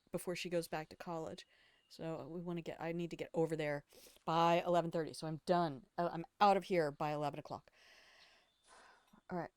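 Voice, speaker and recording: An older woman chatting through a game stream in a smooth, fairly low voice, wry and talkative. She reads dialogue aloud and riffs on it between lines. The recording is close and dry. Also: no echo. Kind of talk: casual gameplay commentary.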